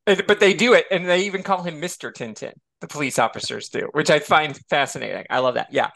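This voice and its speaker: Animated American podcast co-host. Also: male voice, fairly high pitch, fast, creaky. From United States. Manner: animated, digressive. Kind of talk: casual chat.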